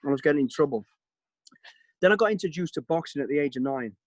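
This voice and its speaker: A man from Birmingham with a Brummie accent, giving an energetic, plain-spoken talk to cadets over a video call. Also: on the high side, quick pace, no room sound. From Birmingham, England. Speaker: guest speaker.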